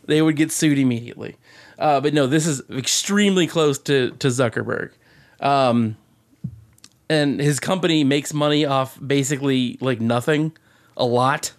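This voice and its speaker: A man's voice: mid-range voice, normal speed. A man co-hosting a podcast, telling rambling stories in casual chat with lots of swearing and laughter. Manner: rambling, profane, laughing storyteller. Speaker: podcast co-host.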